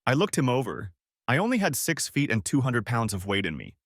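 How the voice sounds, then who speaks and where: A man narrating a first-person story as an audiobook, in an expressive storytelling way. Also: mid-range voice, brisk, dry recording, studio quality.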